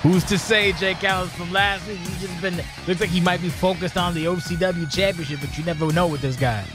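A man's voice: sits high, steady tone, a little fast, music in the background. A man doing color commentary on wrestling, rambling with sarcastic, mocking jokes. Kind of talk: joking wrestling game commentary.

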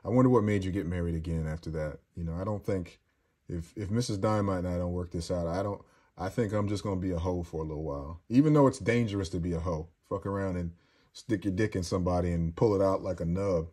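A deep-voiced man hosts a loose, casual chat, reading viewer comments aloud as his crude, joking talk rambles from topic to topic. He speaks fast, in a mellow, slightly rough voice.

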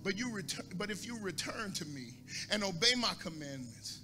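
A man's voice: high-pitched, big pitch swings, moderate pace, sharp tone, soft background music. A man pastor preaching a sermon, asking the congregation for responses and rising into a sung cadence.

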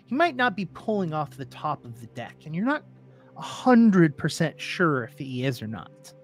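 A man's voice: fairly high pitch, big pitch swings, normal speed, soft background music. A man narrating a tabletop game as game master, in a casual way with restarts.

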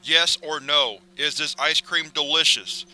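A man's voice: a little high, measured pace, bright, forceful tone, low-quality recording. A man voicing a paranoid, threatening male cartoon pelican who bullies and demands approval. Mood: demanding.

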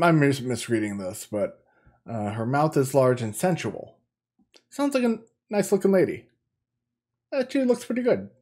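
A man's voice: mid-range voice, darkish tone. A man casually commenting as he plays through a game, thinking aloud and reading the on-screen text with stumbles and restarts. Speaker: gaming video host. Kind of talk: casual let's-play commentary.

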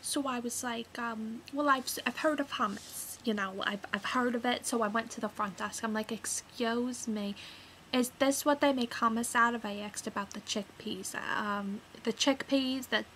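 A woman's voice: on the high side, moderate pace, fairly bright tone, a little hiss or hum, lightly acted, rough recording. A woman playing a touchy, rambling mother who is proud of her Italian heritage, with lots of fillers and defensive outbursts in a comic character monologue. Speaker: character vlogger.

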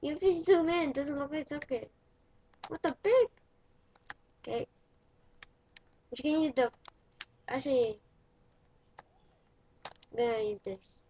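A woman giving casual gameplay commentary, excitable and playful, often yelling when in danger. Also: sits high, measured pace, long pauses. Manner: playful, swaps swearing for mild words. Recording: dull lo-fi recording with faint noise.

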